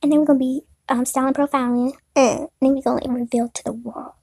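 A young woman gives playful, sassy commentary over a game she is playing. Her voice sits high and sounds mellow. She uses a lot of slang. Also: steady tone, fast, vocal fry, husky, dry recording, clean studio sound. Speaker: gaming YouTuber. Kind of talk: gameplay commentary, reading dialogue aloud.

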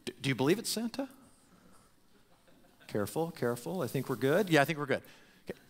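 A man preaching a sermon as pastor, animated and given to stumbling over and repeating his words, acting out the voices he quotes. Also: on the high side, a little fast. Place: church sanctuary. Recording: long reverb of a church hall.

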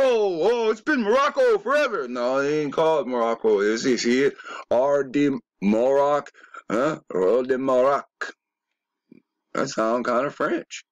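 A man talks slowly and insistently in a rambling monologue, pressing his points with rhetorical questions and curse words. His voice sits at a middle pitch, and the recording is close and dry, with no room sound. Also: no room sound. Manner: emphatic, profane, full of rhetorical questions. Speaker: video commentator.

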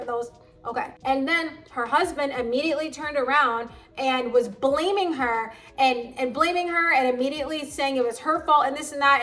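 A woman wellness vlogger telling a personal story in a casual, chatty way, full of "like" fillers. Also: high-pitched. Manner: chatty, frequent "like" fillers, animated retelling.

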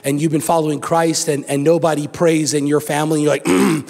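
Guy pastor preaching, kinda high voice, acts out the story, echoey church. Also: flat delivery, brisk, gravelly, darkish tone. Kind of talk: sermon. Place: church sanctuary.

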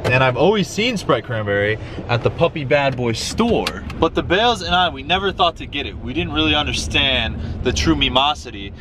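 A man's voice: mid-range voice, moderate pace, hardly any pauses. Young guy vlogging, rambly storyteller, voice jumps up and down a lot, bit of faint hiss. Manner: rambling, lots of "like", animated retelling. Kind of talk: casual vlog storytelling.

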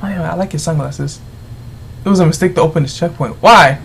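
A gamer giving rambling, exasperated commentary while playing, yelling at the game's characters. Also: medium pitch, a little fast, vocal fry, breathy edge. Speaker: let's play gamer. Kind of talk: gameplay commentary.

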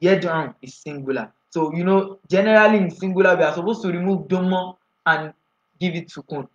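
A man's voice: sits high, fairly quick, highs cut off. Man teaching grammar, quizzing the class. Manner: explains step by step, often asks the class "what?". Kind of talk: classroom lecture.

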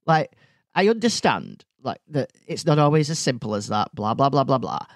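Lively man ranting. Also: mid-range voice, normal speed, vocal fry, no room sound, studio quality. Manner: exasperated, sarcastic storytelling. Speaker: podcast host. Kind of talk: casual solo podcast rant.

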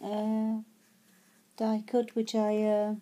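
A woman talks through her handmade craft tags in a casual, chatty way. She speaks slowly with a warm, mellow tone, often stumbling over words and restarting. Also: medium pitch, monotone. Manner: chatty, hesitant, many fillers and restarts. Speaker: craft vlogger. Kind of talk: casual show-and-tell.

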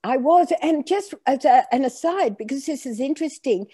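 An older woman raised in Australia and born in Greece, telling her story in an animated, conversational interview. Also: high-pitched, moderate pace, dry recording, clean studio sound. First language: Greek. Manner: animated storyteller acting out quoted dialogue. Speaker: author being interviewed.

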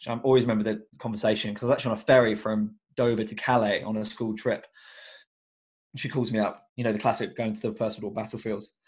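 A young man speaks in a fairly low voice as a podcast guest. He sounds earnest and reflective and fills his talk with frequent ums and likes. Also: level tone, quick pace. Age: young adult. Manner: earnest and reflective, with many fillers. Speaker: guest, education coach. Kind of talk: casual podcast interview.

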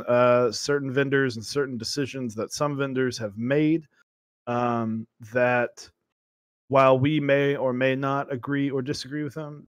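A man's voice: mid-range voice, dry recording, studio quality. A man co-hosting a casual talk show, chatting loosely with lots of fillers. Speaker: co-host. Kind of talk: casual chat.

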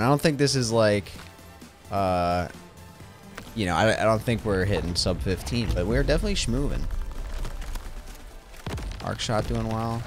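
A man streaming a game, joking and rambling to himself in casual gameplay commentary. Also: fairly low pitch. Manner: joking, rambling, self-talking while playing. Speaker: gaming streamer. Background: game music.

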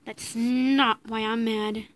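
A woman's voice: on the high side, fairly even intonation, slow pace, fairly bright tone. A woman voicing a grumpy, territorial male stallion in toy horse play-acting, snapping orders.

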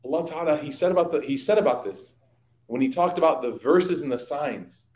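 A man leads an evening study session and tells his stories with animated energy, often turning to ask the audience questions. His voice sits a little high for a man. The sound carries the roomy echo of a community hall. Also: a little fast. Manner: lively anecdotal storytelling, addressing audience. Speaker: religious teacher. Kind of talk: evening Quran study talk.

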